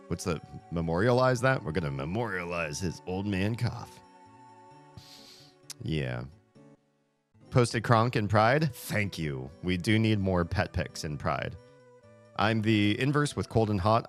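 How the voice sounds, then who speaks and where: A male streamer with a very deep voice talks casually to his viewers. He rambles and leans on filler words as he goes. Quiet music plays softly in the background. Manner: rambling and chatty, full of "like" fillers. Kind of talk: casual live-stream chat.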